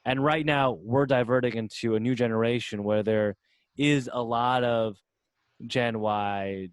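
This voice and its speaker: A man's voice: medium pitch, steady tone, a little slow, clear, resonant tone, dry recording. Male podcast host, casual and rambling, mid-range voice, dry recording. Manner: rambling, searching for words, swears casually. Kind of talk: casual conversation.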